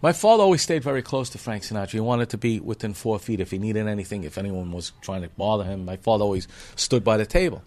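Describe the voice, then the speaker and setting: Lively storytelling chef, a man. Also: on the low side, fast, hardly any pauses. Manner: animated, acts out the people in his stories; laughs often. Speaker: chef, restaurant guest. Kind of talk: storytelling in a podcast interview.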